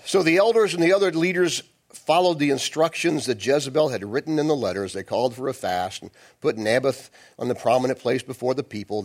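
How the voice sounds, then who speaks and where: Lively, chatty male preacher. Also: medium pitch. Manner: conversational, digressive, playful asides. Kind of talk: sermon with Bible reading.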